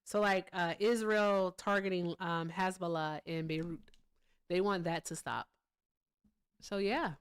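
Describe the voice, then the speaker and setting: A woman with a fairly low, clean voice speaks at a moderate pace while hosting a casual political commentary livestream. She's blunt and profane, and between points she breaks off to chat with her viewers.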